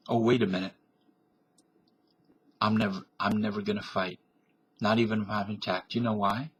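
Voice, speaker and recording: A man's voice: fairly low pitch, flat delivery, moderate pace, long pauses, slightly rough. A middle-aged man from Canada giving a defiant, blustering comic rant to his webcam, tough-talking and profane. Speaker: vlogger. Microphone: webcam microphone.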